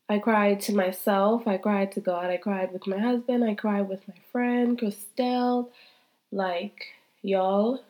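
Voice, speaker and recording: This podcast host is a woman in her thirties with a medium-pitched, warm voice. On her faith-based show she talks straight to her audience, candid and heartfelt, often repeating points, and a cold still leaves her sounding congested.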